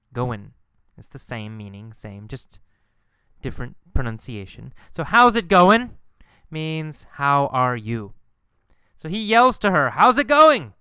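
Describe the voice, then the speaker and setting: A man's voice: medium pitch, fairly bright tone, clear, resonant tone, dry recording, clean studio sound. A man teaching an English lesson, explaining a story phrase by phrase, repeating words and raising his voice when quoting the characters. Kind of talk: slow explanatory ESL lesson.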